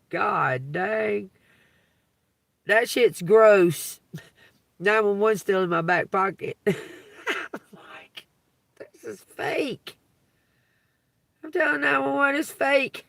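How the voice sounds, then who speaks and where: A woman telling profane, laughing stories on a casual livestream, breaking into loud outbursts. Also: on the high side, vocal fry, no echo, far from the mic. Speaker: livestream host. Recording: dry, from away from the mic.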